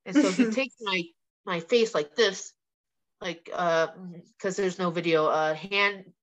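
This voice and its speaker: A woman's voice: on the low side, measured pace. A young woman, a professional fighter and guest, chatting casually in an interview. She tells stories candidly and animatedly, with a lot of "like" and some swearing. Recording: slightly muffled, lo-fi podcast audio.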